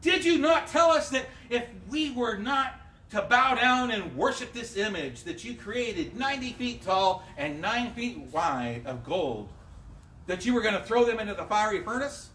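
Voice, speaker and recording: A man preaching voices fawning male court officials who flatter the king while tattling. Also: high voice, a little slow, a little hiss or hum, exaggerated voice. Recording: echoey room, mic at a distance.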